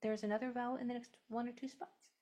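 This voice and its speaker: A woman's voice: on the high side, flat delivery, fast, dark tone. A woman teaching a phonics lesson to a class, sounding out letters and syllables, often dropping to a whisper.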